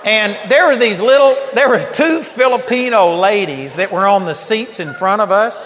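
Heard through a dull lo-fi recording in a large hall, a male preacher speaks at normal speed in a high voice. He's an animated storyteller, performing the quotes in his tale and laughing frequently throughout his sermon.

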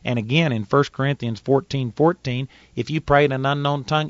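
Folksy Texan preacher, dry muffled sound. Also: male voice, mid-range voice, fairly even intonation, brisk, few pauses, dry recording. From Texas. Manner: folksy, plainspoken, reads scripture aloud. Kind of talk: Bible teaching sermon.

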